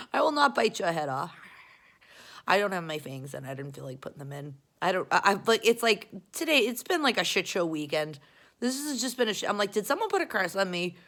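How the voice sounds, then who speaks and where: A woman's voice: fairly low pitch, big pitch swings, a little fast, fairly bright tone. A young woman, rambling casually and profanely to her viewers in a self-mocking way. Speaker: vlogger.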